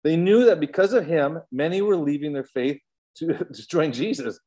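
High-voiced Canadian man teaching Bible study. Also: animated, moderate pace, warm tone. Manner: conversational, rhetorical questions, side tangents.

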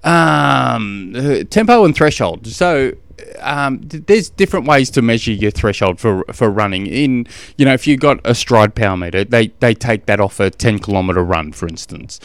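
A man's voice: mid-range voice, animated, normal speed, creaky, clear, resonant tone, no echo. A middle-aged man with an Australian accent, hosting a casual solo podcast, rambling and self-deprecating, often laughing at himself. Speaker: podcast host, endurance coach.

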